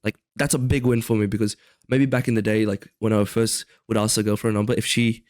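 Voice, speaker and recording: A man's voice: on the low side, level tone, quick pace, darkish tone, no echo. A young man co-hosting a podcast in casual chat, rambling with many fillers and restarts. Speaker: podcast co-host.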